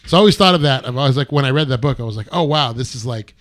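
A man hosts a relaxed movie chat with friends, talking in a chatty, rambling way. He keeps asking the others questions and retells plots at length. His voice sits at an ordinary middle pitch. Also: racing. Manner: chatty, asks the group questions and retells stories. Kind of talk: casual movie discussion.

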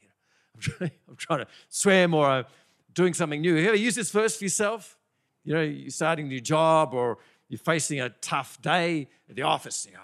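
Animated man preaching a conversational sermon. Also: on the high side, moderate pace, gravelly. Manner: animated, conversational, rhetorical questions.

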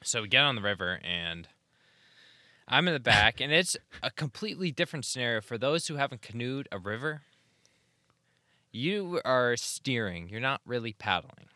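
A man's voice: mid-range voice, very animated, normal speed, sharp tone, no echo, clean studio sound. A man co-hosting a podcast, recounting a trip in a laid-back, casual storytelling way. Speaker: podcast co-host. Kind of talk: casual chat.

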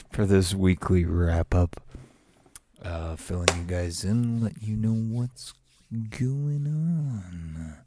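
A man's voice: low voice, steady tone, takes it slowly, dark tone, a little hiss or hum. A man hosting a casual solo podcast, rambling, laughing often and swearing casually. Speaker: podcast host, aspiring voice actor.

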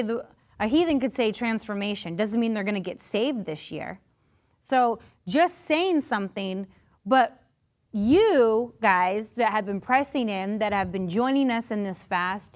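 A woman preaching a sermon in a conversational, animated way, with restarts and asides, sometimes acting out quoted voices. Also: medium pitch. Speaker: pastor.

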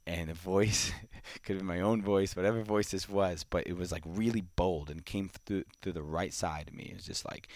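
Low-voiced man telling a story, dry sound. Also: moderate pace, no echo. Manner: animated storyteller, many "like"s, drops to a hush in quiet moments. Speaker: podcast guest. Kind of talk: casual storytelling.

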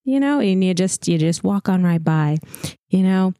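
A woman's voice: lowish voice, animated, normal speed, warm tone, no room sound, clean studio sound. A woman playing a tabletop game, riffing in a chatty, exasperated comedic monologue. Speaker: player.

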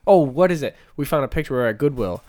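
A man's voice: medium pitch, expressive, quick pace, darkish tone, no echo, studio quality. A young adult man hosting a podcast, chatting casually, joking and rambling with frequent swearing. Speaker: podcast host. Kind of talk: casual chat.

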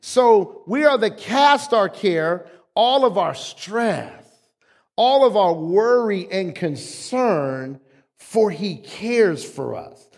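A man's voice: sits high, expressive, takes it slowly. A male pastor preaching a sermon, emphatic and rhythmic, calling on the congregation to repeat after him. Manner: emphatic preaching with call-and-response. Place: church sanctuary. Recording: echoey hall.

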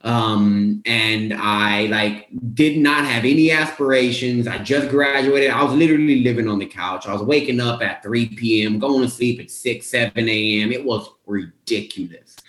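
A young man talks straight to his viewers about his own turnaround, casual and lively, slipping into the voices of his past self. His voice sits in a middle range. A roomy echo hangs around it. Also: medium pitch, moderate pace, hardly any pauses. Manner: animated, casual, acts out his own quotes. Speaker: weight-loss coach. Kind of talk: motivational storytelling to viewers.

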